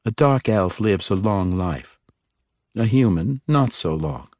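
A cool, composed young dark elf woman, as a male narrator puts her on, speaking with calm poise. The voice stays low, with a dry, close audiobook sound. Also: slow, dry recording. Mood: poised.

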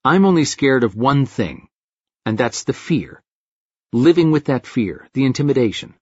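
A man reading a first-person audiobook in a dry, deadpan storytelling manner. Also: mid-range voice, normal speed, slightly rough, no room sound. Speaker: audiobook narrator. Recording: dull lo-fi recording.

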